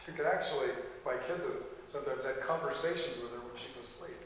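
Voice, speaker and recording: A man's voice: medium pitch, quick pace. A middle-aged man teaching a class in a casual, folksy way, telling personal stories with chuckles. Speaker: lecturer. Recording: echoey hall with faint noise.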